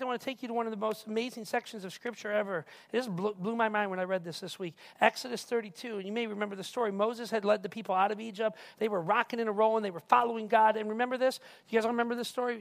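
A male pastor preaching a casual, animated sermon who keeps asking the crowd questions. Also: high voice. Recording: reverberant hall.

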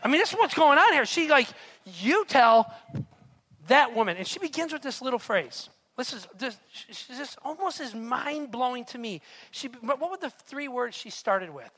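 A male pastor preaching a sermon, telling a story with lively rhetorical asides to his audience. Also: very high-pitched, normal speed.

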